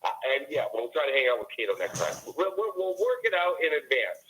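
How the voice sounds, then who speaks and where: A man's voice: medium pitch, big pitch swings, fairly bright tone, a little hiss or hum, low-quality recording. A man from Canada, a guest on a casual live stream, who teases the host and sounds in a hurry to leave. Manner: teasing, hurried.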